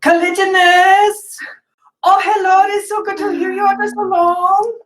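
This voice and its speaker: A woman voicing an excitable older nun who is effusive and delighted on the phone. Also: very high-pitched, a little slow, reverberant, pitched above the performer's own voice. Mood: gushing.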